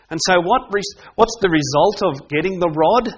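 A middle-aged man preaching a sermon, telling lively stories, acting out quotes and often laughing. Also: on the high side, moderate pace, few pauses, slight background noise. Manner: animated storyteller who acts out quotes and laughs often.

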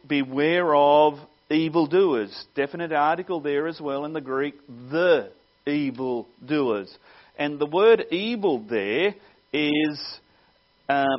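Male preacher, earnest teaching tone, slightly high pitch, muffled lo-fi sound. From Australia. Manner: earnest teaching with wry laughs. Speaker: pastor. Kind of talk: sermon. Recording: dull lo-fi sound.

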